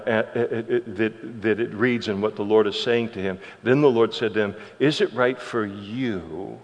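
A male pastor preaching a sermon with emphasis, often breaking off with filler uhs and restarts. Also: on the low side. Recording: long reverb of a large hall.

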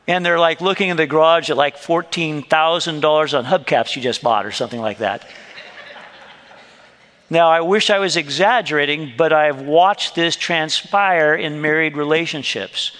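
A man's voice: fairly high pitch, unhurried, a bit bright. Conversational male pastor preaching in a hall. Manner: conversational preaching with acted-out quotes. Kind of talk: sermon.

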